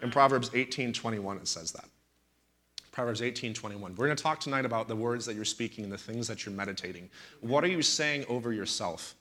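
A man's voice: mid-range voice, a little fast, bright, forceful tone. A man in his thirties, a pastor preaching in a talk-show setting, telling stories animatedly and with indignant emphasis.

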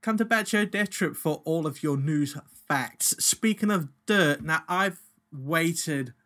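A man co-hosting a comedy podcast, giggly and exasperated in quick banter. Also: fairly high pitch, fairly bright tone. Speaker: podcast co-host and narrator. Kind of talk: casual comedy podcast chat.

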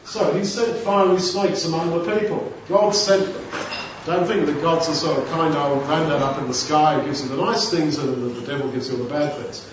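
A man's voice: a little high, fairly even intonation, normal speed, a little hiss or hum. Man preaching in a very echoey hall. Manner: conversational, acts out dialogues. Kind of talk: sermon. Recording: echoey room, distant mic, dull sound.

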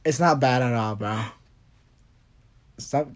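A man's voice: mid-range voice, takes it slowly. A young man co-hosting a casual podcast, teasing back and defending himself in playful banter. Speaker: podcast co-host. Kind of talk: casual banter between friends.

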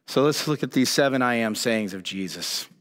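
A man preaching a sermon as pastor, telling Bible stories with animated emphasis. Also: mid-range voice, moderate pace. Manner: animated storytelling, voices God and Moses in retellings. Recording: church hall with long reverb.

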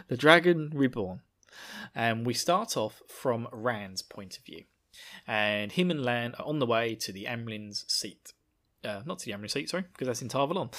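A man's voice: mid-range voice, a bit bright. Male podcast host, jokey, rambling casual talker. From United Kingdom. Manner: rambling, jokey, laughs at own jokes. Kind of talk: casual chat.

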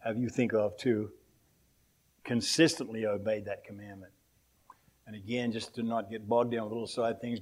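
An older man from Australia, his accent softened by years in America, preaching a rambling, anecdotal sermon in a church and chuckling often. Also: on the low side.

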